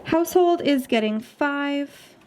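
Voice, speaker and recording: A woman's voice: high-pitched, animated, slow, a little mellow, slight background noise. A woman in her twenties, a budgeting vlogger, chatting in a bubbly, gushing way while stuffing cash envelopes. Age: 20s.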